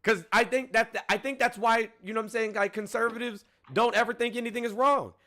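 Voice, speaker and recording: A man's voice: very high voice, fairly even intonation, a little fast, pushed and bright. A man hosting a call-in show, talking bluntly and with plenty of swearing and fillers. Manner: blunt and profane, with frequent fillers. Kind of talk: casual political chat.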